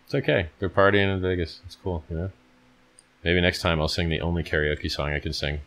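A man with a remarkably low, deep voice hosts a casual livestream. He sounds tired and talks bluntly, swearing freely as he reads out chat questions and answers them in a loose, conversational way. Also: fairly quick, vocal fry, fairly bright tone. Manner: blunt, profane, reads viewer questions aloud.

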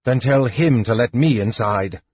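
A man's voice: medium pitch, lively intonation, normal speed, darkish tone, breathy edge, dry recording. A man reading an audiobook voices an impatient young knight who gives curt orders. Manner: curt, commanding. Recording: dull lo-fi recording.

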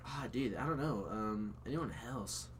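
A young man chatting casually with friends, excitable and quick to laugh. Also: crowd noise. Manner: excitable, laughs often, lively swings in pitch. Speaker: podcast co-host. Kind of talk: casual chat among friends.

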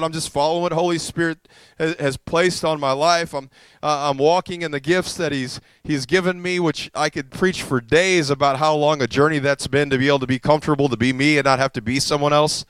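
A male pastor telling a story in a sermon, animated and self-deprecating, acting out what others said to him. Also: a little high, a little fast, smooth, no room sound.

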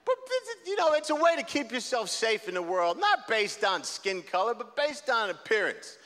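A young adult man doing an energetic, rambling stand-up comedy set on a theater stage, acting out the people in his stories. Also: high voice, long reverb tail. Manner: energetic, rambling, acts out quoted characters.

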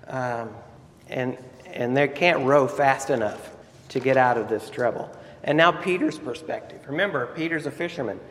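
Man preaching in an echoey hall. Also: on the high side. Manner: animated storytelling with rhetorical questions. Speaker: pastor. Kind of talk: Sunday morning sermon. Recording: echoey hall with faint ambience.

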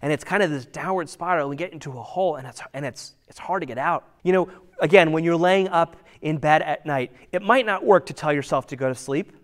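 A man's voice: fairly high pitch, brisk. A man preaching a sermon in a conversational way, full of rhetorical questions and sometimes dropping to a near-whisper for emphasis. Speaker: pastor.

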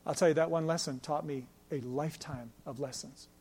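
High-voiced passionate male preacher. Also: fairly even intonation, brisk, slightly rough. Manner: passionate preaching, swinging from loud emphatic lines to quiet storytelling. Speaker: pastor. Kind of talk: sermon. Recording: long hall reverb.

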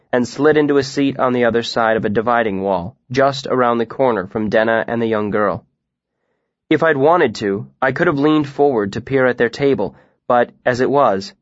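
A man narrating a story in the first person, in an even, measured way. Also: medium pitch, no echo, highs cut off. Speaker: audiobook narrator.

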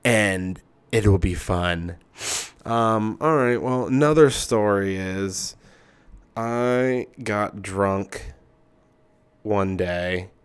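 Male podcast host, low and smooth voice, loose rambling storyteller, heavy swearing and fillers. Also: very slow.

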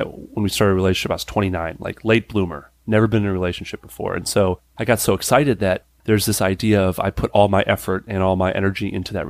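A man in his thirties, a character actor and improviser, chatting casually as a podcast guest, animated and laughing often, with many "like" fillers and sudden pitch jumps when he acts out what people say. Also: no echo. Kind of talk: casual podcast interview chat.

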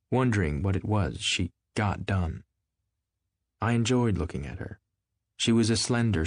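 A man narrating a classic novel as an audiobook in a measured, even manner. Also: deep voice, no room sound. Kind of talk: scripted literary narration.

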